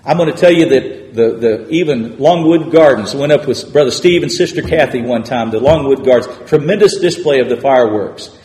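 A man's voice: medium pitch, brisk, darkish tone. A man preaching a sermon, retelling a scripture story dramatically and repeating words as he builds. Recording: echoey hall reverb.

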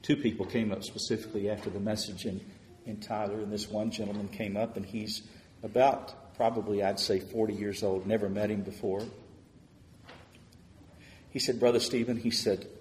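A man preaching a sermon, telling stories of answered prayer and swelling louder as he retells people's words. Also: on the low side, echoey room, a little hiss or hum.

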